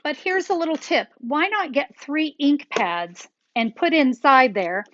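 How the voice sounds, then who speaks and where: A woman's voice: high-pitched, lively intonation, unhurried, a bit bright, muffled recording, slight background noise. A woman hosting a step-by-step card-making tutorial, chatty and upbeat, talking straight to her viewers as she works.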